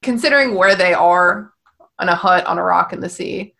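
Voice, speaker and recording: A woman's voice: lowish voice, moderate pace, gravelly, pushed and bright. A woman co-hosting a podcast, chatting casually about a film, laughing often and swearing now and then. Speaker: podcast co-host.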